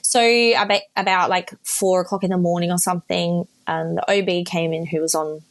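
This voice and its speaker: Chatty Australian woman, lowish voice. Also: little pitch movement, a little fast. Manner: chatty, full of "like" fillers, quotes others in dialogue. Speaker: podcast guest. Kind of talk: casual storytelling.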